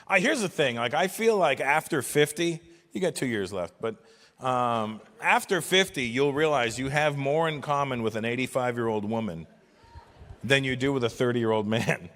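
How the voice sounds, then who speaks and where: A man in his fifties from Canada doing stand-up comedy with profane, animated, exasperated ranting. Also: medium pitch, moderate pace, long reverb tail. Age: 50s.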